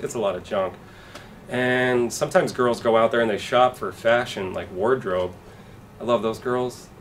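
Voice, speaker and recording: A man doing a stand-up comedy set with a dry, deadpan delivery and acted-out quotes. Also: mid-range voice, far from the mic, slight background noise.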